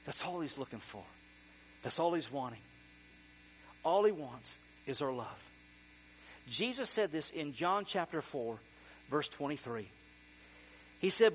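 A middle-aged male pastor preaching a sermon, animated, swinging from quiet talk to excited near-shouting. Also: fairly high pitch, normal speed, long pauses. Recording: dull lo-fi sound with mains hum.

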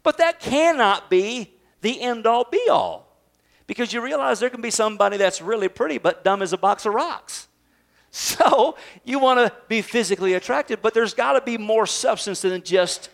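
A man's voice: extremely high pitch, expressive, normal speed, creaky. A man preaching a sermon in a conversational, joking way, often laughing and asking rhetorical questions.

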